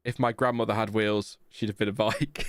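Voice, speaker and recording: Smooth-voiced man hosting a casual chat. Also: lowish voice, flat delivery, normal speed, no room sound, studio quality. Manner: rambling, self-mocking, filler-heavy. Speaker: podcast host reading chat. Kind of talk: casual live-stream chat.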